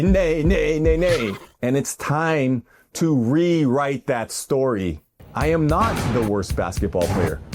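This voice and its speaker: A middle-aged man talks straight to his viewers in a lively, joking pep talk that keeps surging into loud bursts. His voice sits at an ordinary male pitch. Clear background music runs under his words the whole time. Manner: animated, jokey, rises into loud bursts. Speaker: artist and video host. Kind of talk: energetic motivational monologue.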